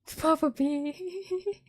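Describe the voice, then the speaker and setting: A young woman livestreamer chatting casually with viewers in a soft, airy, giggly way, rambling with lots of fillers. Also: high voice, very slow, no echo, clean studio sound.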